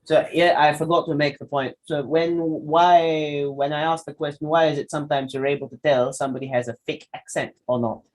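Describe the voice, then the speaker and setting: A man's voice: on the high side, fairly quick, hardly any pauses, poor audio. A young man giving a public speaking lesson, acting out example sentences with exaggerated intonation. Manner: animated, acts out example lines with exaggerated intonation. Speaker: public speaking workshop presenter. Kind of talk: lecture to students.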